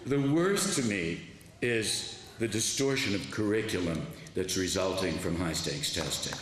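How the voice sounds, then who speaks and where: A man's voice: deep voice, measured pace. Older man telling stories in an echoey hall. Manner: animated storyteller, quoting students, frequent restarts. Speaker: author giving a talk. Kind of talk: public lecture storytelling. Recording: echoey hall with faint noise.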